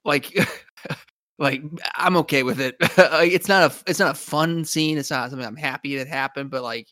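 A man chatting casually as a podcast co-host, talking earnestly in halting restarts and laughing between thoughts. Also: fairly high pitch, bright, forceful tone, dry recording. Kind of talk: casual chat.

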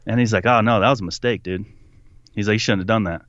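A young man telling a story in casual conversation, animated, putting on voices for the people he quotes and laughing often. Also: fairly low pitch, quick pace, no echo, highs cut off. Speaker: podcast guest.

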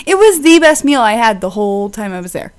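A woman's voice: a little high, sing-song, a little fast, clear, resonant tone. A middle-aged woman co-hosting a podcast, playful and sarcastic, laughing often in casual chat. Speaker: podcast co-host.

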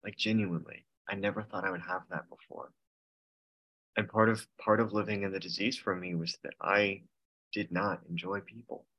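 Deep-voiced young man, earnest. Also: steady tone, highs cut off. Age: 20s. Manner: earnest, halting, laughs nervously. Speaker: meeting member sharing. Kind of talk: casual personal share. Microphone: video call.

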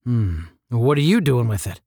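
A man's voice: mid-range voice, sing-song, normal speed, warm tone, breathy edge, no room sound, studio quality. A man doing a cold, curt cadet officer. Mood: stern. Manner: snapping, clipped orders.

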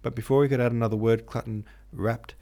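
A man reading a novel aloud as host, in steady, measured narration. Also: mid-range voice. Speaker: host and audiobook reader. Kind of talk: scripted narration.

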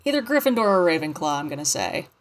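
A woman co-hosting a podcast, telling stories in an animated, casual way. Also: fairly low pitch, fast. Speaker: podcast co-host. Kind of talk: casual chat.

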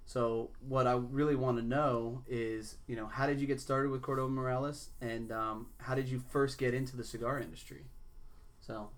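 A man's voice: mid-range voice, steady tone, moderate pace. A man hosting a casual podcast chat, telling stories in a laid-back, rambling way. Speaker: podcast host.

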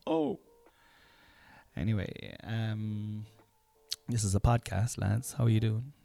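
A man's voice: on the low side, fairly even intonation, a little fast, gravelly, warm tone, no echo, soft background music. A middle-aged Irish man hosting a comedy podcast, rambling and self-mocking with lots of fillers. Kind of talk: casual comedy podcast chat.

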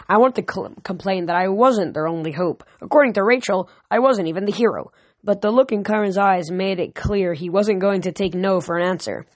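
A woman's voice: on the low side, a little fast, dry recording. A woman reading a novel aloud in a plain way, now and then restarting a phrase. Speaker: audiobook reader.

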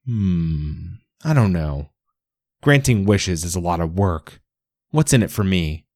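A man's voice: low voice, expressive, slow pace, a little mellow, no room sound, clean studio sound, heavily acted. Man doing a rude, scornful fairy penguin. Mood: bossy. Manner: curt, scornful, bossy.

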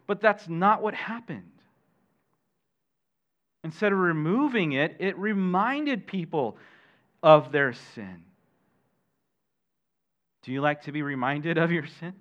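Animated middle-aged male pastor preaching. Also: sits high. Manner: animated, questions the congregation, jokey asides. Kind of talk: sermon. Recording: dull lo-fi sermon recording.

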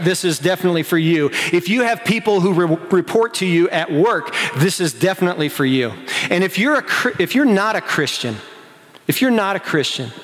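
A man preaching a sermon as a pastor, animated, acting out the disciples in quick excited asides. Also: fairly high pitch. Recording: long hall reverb.

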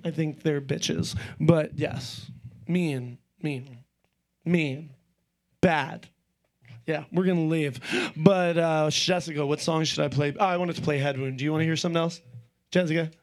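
High-voiced, rambling, profane, stoned podcast host. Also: male voice, fairly even intonation, a little fast, darkish tone. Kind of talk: casual chat. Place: at home.

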